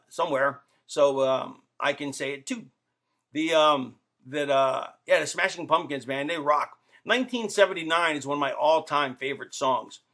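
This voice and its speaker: In this casual to-camera vlog, a middle-aged wrestler rambles and jokes with his fans, full of asides and filler. His voice runs on the high side and sounds a bit bright.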